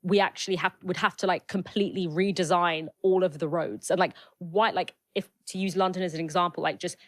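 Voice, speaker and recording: A woman's voice: lowish voice, steady tone, brisk, dry recording. A woman guest in a casual conversation, rambling with lots of "like" as she makes her point.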